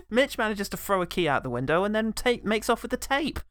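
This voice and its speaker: Man, podcast co-host, wry recap of scenes, laughs often, lively pitch, dry close sound. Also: a little fast, dry recording. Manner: animated, wry storytelling with frequent laughs. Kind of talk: casual film-review chat.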